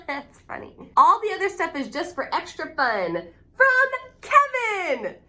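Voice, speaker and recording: A woman with a high, bright voice that swings widely up and down as she talks. She gushes with excitement in a casual unboxing vlog. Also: moderate pace. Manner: excitable and gushing. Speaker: AuthorTube vlogger.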